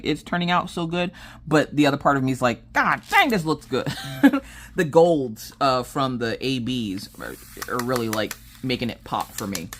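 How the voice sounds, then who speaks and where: A woman's voice: extremely low pitch, a bit bright. A woman chatting casually while she works on a diamond painting, telling stories with lots of restarts. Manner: chatty storyteller, restarts and laughs often. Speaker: crafting vlogger.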